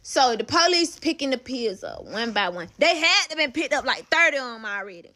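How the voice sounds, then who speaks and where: A woman's voice: sits high, lively intonation, brisk, bright, forceful tone, a little hiss or hum. A young woman telling a personal story in a casual vlog, candid and profane, calling the listener "baby".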